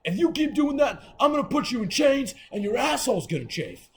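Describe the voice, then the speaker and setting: Man doing a shouting, profane jail officer, pitched up and barking. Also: sing-song, brisk, slight background noise, full character voice. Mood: yelling.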